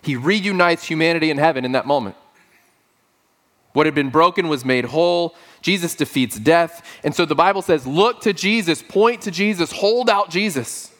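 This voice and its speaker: A man delivering a sermon in a slightly high voice, his pitch leaping up for emphasis and dropping low for quiet asides. He mixes earnest preaching with deadpan humorous stories. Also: moderate pace. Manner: humorous storytelling with deadpan quoted dialogue. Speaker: pastor.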